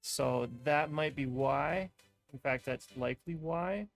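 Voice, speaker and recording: A man's voice: fairly high pitch, slow, vocal fry, soft background music. Chatty man opening card packs. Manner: chatty, playful, talks to viewers. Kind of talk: casual chat while opening packs. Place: room at home with fans running.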